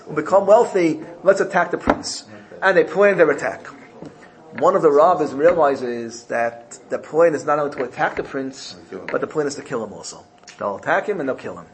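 A man's voice: fairly high pitch, poor audio. A man teaching a Torah class, telling a parable. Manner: animated storyteller, voices characters in the parable. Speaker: rabbi.

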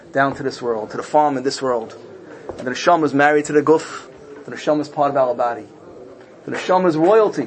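A man giving a sermon, telling a parable in an animated way and voicing its characters. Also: slight background noise, low-quality recording. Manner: animated storytelling, voicing characters with big pitch jumps. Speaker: rabbi.

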